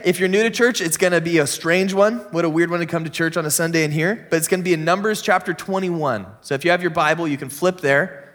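A man in his thirties preaching in church, his voice sitting high for a man. He tells stories in an easy, conversational way, swinging up loud and high for the punchlines, then dropping low and quiet for prayer. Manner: conversational storytelling with animated swings in pitch and volume. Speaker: pastor. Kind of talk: sermon.

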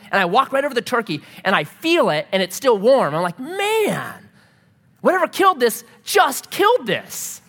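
A man preaching a sermon as a pastor, telling stories with lively energy. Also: a little high. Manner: animated storytelling preacher. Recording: reverberant hall.

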